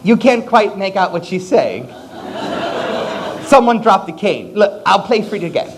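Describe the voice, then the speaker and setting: A man's voice: high-pitched, very animated, unhurried, noisy background, full character voice. A man playing a wry, lonely musical fan. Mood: wistful. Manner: conversational, wry asides to audience. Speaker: narrator.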